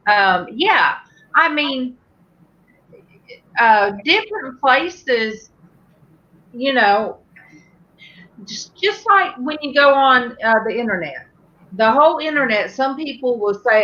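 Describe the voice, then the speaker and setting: A woman's voice: on the high side, expressive, takes it slowly, pauses often, sharp tone, lo-fi sound. A woman rambling through a heartfelt story in a casual group chat, full of fillers.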